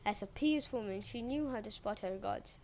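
A woman's voice: medium pitch, normal speed, darkish tone, a little hiss or hum. A woman podcast host retelling a myth in a playful, wry way.

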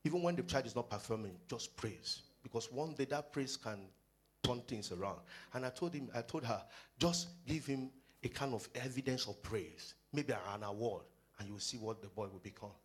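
A man preaching a sermon, telling a family story, often calling out hallelujah and laughing, moving from hushed talk to shouted praise. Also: mid-range voice, normal speed, breathy edge. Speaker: pastor.

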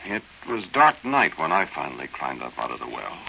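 An actor playing a plain-spoken man who tells of a frightening night, narrating slowly and confidingly in a 1940s radio drama. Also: very deep voice, sing-song, vocal fry, sharp tone, heavily acted. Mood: hushed, reflective. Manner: slow, confiding storyteller. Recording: dull, hissy old radio recording.

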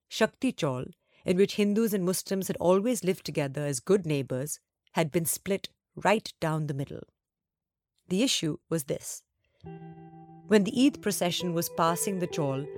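A woman reading a children's story aloud, with expressive, varied delivery. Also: lowish voice, unhurried, no room sound, soft background music.

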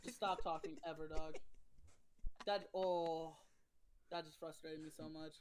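Excitable young man co-hosting a podcast. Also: a little high, a little hiss or hum, low-quality recording. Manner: excitable, rapid-fire, repeats himself. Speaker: podcast co-host. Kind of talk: casual podcast chat.

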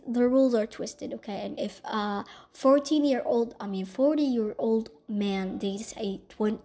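A woman's voice: medium pitch, warm tone. A young woman hosting her podcast, telling a personal story in a rambling, gossipy way that keeps tagging lines with "like" and "okay?". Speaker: podcast host. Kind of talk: casual storytelling monologue.

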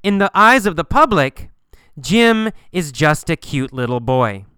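A man teaches English pronunciation through a story, speaking slowly and clearly so each phrase can be copied. His voice is crisp and bright, with a lively, rising-and-falling pitch. The recording is dry and close. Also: dry recording. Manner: slow and emphatic, repeating phrases for learners to copy. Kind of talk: slow, deliberate language-lesson storytelling.

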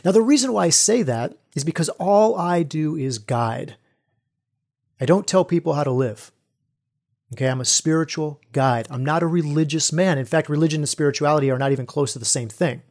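A middle-aged man hosts a solo podcast as a spiritual coach, speaking in a slightly high voice. He talks earnestly and reflectively, addressing his listeners as brothers. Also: fairly quick, darkish tone.

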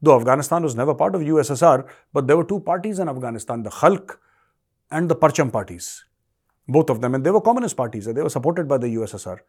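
A man's voice: a little high, lively intonation, fast talker. A man with an Indian accent hosting a solo current affairs commentary, lecturing the audience and repeating key points for emphasis. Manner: lecturing, addresses the audience directly. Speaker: show host and commentator.

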